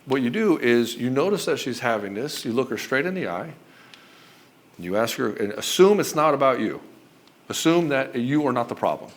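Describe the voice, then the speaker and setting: A man's voice: medium pitch, very animated, normal speed. Blunt, profane male relationship coach. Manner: blunt and profane, acts out both sides of dialogues. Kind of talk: direct-to-camera coaching monologue.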